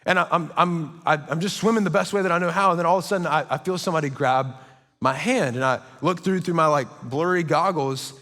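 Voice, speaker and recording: A man's voice: high voice, a bit bright. A young man preaching a sermon, telling stories with playful, self-mocking asides. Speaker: pastor. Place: church hall. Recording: long church hall reverb.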